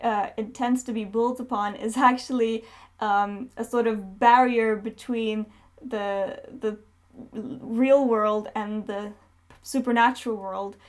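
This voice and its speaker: A woman's voice: fairly high pitch, fairly even intonation, slow pace. A young woman chatting casually through book reviews, candid and chatty, with lots of fillers.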